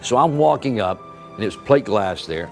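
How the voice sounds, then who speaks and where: Deep-voiced older man telling a story. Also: normal speed, soft background music. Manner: acts out quoted dialogue in lively voices. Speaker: interviewee recalling a friend. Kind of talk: anecdotal storytelling.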